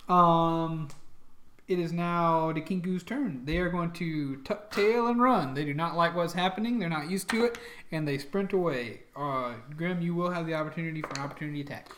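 A man running a tabletop game as game master, narrating in a relaxed, chatty way. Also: a little high, normal speed, slight background noise. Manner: relaxed, chatty, laughs often.

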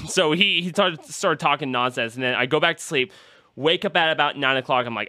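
Male podcast host, bright forceful voice, rambling anecdotal delivery. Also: mid-range voice, a little fast, clear, resonant tone, no room sound. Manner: rambling storytelling, acts out quotes. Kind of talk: casual podcast chat.

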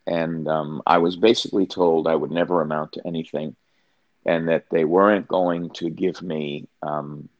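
A man's voice: very deep voice, fairly even intonation, moderate pace, no room sound, dull audio. An older man, a pastor, telling a personal story as an interview guest, earnest and often restarting his sentences.

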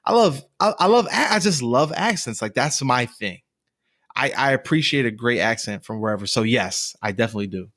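A man's voice: mid-range voice, animated, fairly quick, fairly bright tone, no echo, studio quality. A man in his twenties co-hosting a casual chat, enthusiastically recommending shows and books. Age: 20s. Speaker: podcast co-host.

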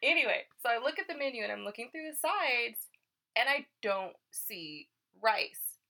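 A young woman telling a story in casual chat, animated and laughing often, acting out her own thoughts. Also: on the high side, normal speed, creaky.

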